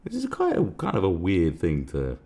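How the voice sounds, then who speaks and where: A man's voice: low-pitched, huge pitch swings, normal speed, gravelly, warm tone. A man hosting a live stream, ranting sarcastically and swearing a lot in casual commentary. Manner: crude, sarcastic, swears often.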